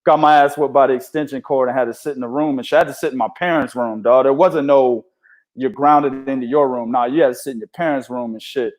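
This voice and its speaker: This podcast co-host talks boxing casually, telling animated stories loaded with profanity and slang. He has a medium-pitched voice, a quick pace and few pauses.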